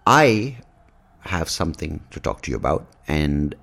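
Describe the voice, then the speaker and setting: A man's voice: rumbling low, very animated, measured pace, creaky, a bit bright. A man hosting a podcast, talking through a casual, rambling monologue with frequent restarts and swearing. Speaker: podcast host.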